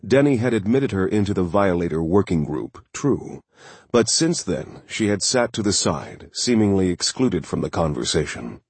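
A man narrating a thriller audiobook in a steady, measured way. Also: low-pitched, husky, no room sound.

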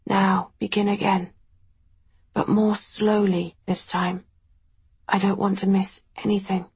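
A frail, dying gentleman, as a woman reader puts him on, his voice weak and very breathy. He speaks slowly and softly, teasing gently even as his strength fails, in an audiobook reading. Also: mid-range voice, exaggerated voice.

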